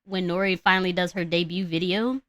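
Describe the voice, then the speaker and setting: A woman's voice: on the low side, fairly even intonation, fairly quick, fairly bright tone, no echo. A young adult woman telling a fairy tale on a live stream, rambling, slangy and profane. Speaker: streamer and storyteller. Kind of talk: casual live-stream storytelling.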